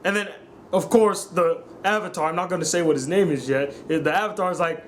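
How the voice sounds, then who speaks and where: High-voiced young man ranting sarcastically. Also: fairly quick, a little hiss or hum. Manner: sarcastic, exasperated, mocks lines in put-on voices. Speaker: film reviewer. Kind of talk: ranting film review.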